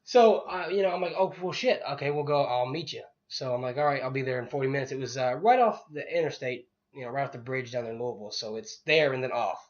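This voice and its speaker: A man's voice: mid-range voice, fast talker, hardly any pauses. A man, animatedly telling a story in casual podcast chat, swearing freely and acting out the other people in it. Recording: dull lo-fi recording.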